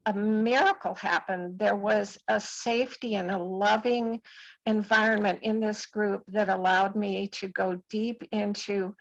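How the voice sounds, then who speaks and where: A woman in her seventies giving an earnest, halting personal testimony on a group video call. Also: mid-range voice, creaky, no echo, lo-fi sound. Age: 70s.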